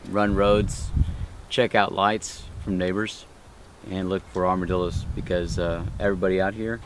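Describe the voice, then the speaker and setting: A man from Texas, folksy and relaxed, telling a local story outdoors, away from the mic. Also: low voice, normal speed, slight background noise.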